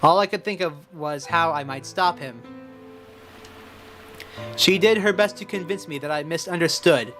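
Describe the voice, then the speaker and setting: Robotic grave man, put on by a male streamer, heavy slow monologue, raised pitch, quiet music. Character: grave man recalling a painful past. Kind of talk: voicing game dialogue.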